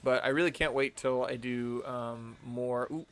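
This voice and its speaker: A man's voice: mid-range voice, fairly even intonation, a little slow, fairly bright tone, smooth. A man giving casual, rambling commentary while streaming a video game, laid-back and full of fillers and slang.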